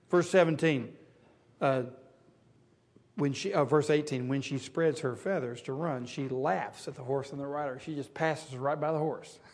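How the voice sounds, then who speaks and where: A man preaching a sermon in a slightly higher voice. He drives his points with loud, rising rhetorical questions, then drops into hushed, intimate tones.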